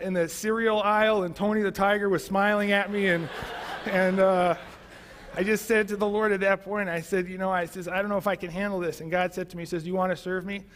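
A pastor shares his testimony in an easy, conversational sermon full of fillers and restarts. His voice sits high for a man. The sound rings with the long reverb of a church hall. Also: fairly bright tone. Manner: conversational storytelling with many fillers.

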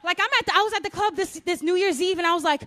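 A woman comedian performing a brash, punchy stand-up set on a club stage. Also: very high-pitched. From United States. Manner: brash, rapid, punchy delivery with character voices. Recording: echoey club with faint noise.

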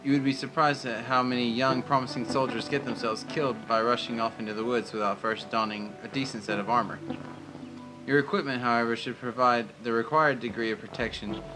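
A man's voice: mid-range voice, fairly even intonation, over music, natural voice, low-quality recording. A man reading as a solemn, kindly game instructor. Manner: slow, solemn and formal.

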